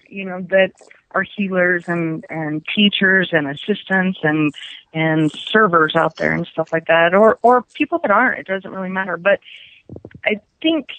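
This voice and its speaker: A woman's voice: medium pitch, a bit bright, dry recording. A woman in her fifties, a psychic guest on a radio chat, telling stories animatedly and laughing often, heard through dull lo-fi radio sound. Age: 50s.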